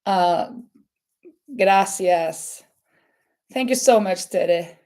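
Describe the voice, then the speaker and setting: Norwegian woman chatting slowly on a live stream. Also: medium pitch, darkish tone. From Norway. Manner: chatty, halting, many fillers and restarts. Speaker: crochet channel host. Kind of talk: casual live-stream chat.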